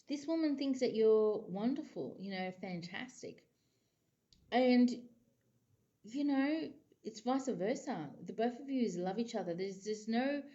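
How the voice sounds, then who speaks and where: A woman's voice: on the high side, dark tone, muffled recording. A woman, a psychic giving a casual tarot reading to camera in a rambling, chatty way full of filler phrases.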